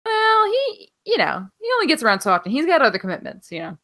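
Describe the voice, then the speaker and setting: A woman's voice: sits high, wildly swooping pitch, fast talker, fairly bright tone. A woman co-hosting a podcast, chatting casually through wrestling news in an offhand, rambling way, swearing freely and filling gaps with ums. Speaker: podcast co-host.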